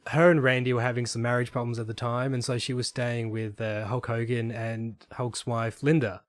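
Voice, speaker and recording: A man's voice: mid-range voice, level tone, moderate pace, no room sound, studio quality. A young man, a podcast guest, telling stories in a casual chat with easy laughs. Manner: storytelling, laughs into impressions.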